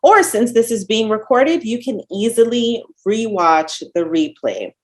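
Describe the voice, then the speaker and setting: A woman's voice: a little high, big pitch swings, measured pace. A woman dietitian giving an online educational presentation, talking to viewers in an earnest, encouraging way. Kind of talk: educational webinar talk.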